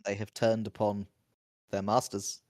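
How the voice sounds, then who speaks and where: A man's voice: lowish voice, monotone, measured pace, a little mellow, no echo. Dry, wry man on a podcast. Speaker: podcast co-host. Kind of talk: casual discursive review chat.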